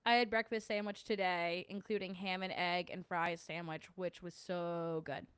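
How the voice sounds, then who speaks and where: A woman's voice: lowish voice, steady tone, normal speed, clear, resonant tone, no room sound. A young woman from New Jersey with a New Jersey accent, hosting a casual livestream and answering chat, chatty and laughing often. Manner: chatty, laughs often, mimics others mid-story. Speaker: podcast host reading live chat.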